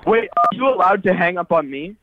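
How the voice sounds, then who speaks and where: Giggly high-voiced man over a muffled phone line. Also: expressive, a little fast. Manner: giggly, teasing, crude. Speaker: caller. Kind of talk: prank phone call banter.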